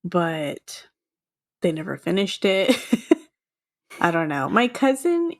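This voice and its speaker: A woman with a mild Texan accent co-hosting a podcast in casual chat, chatty and quick to laugh, acting out little lines. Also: fairly low pitch, sing-song. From Texas. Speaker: podcast co-host.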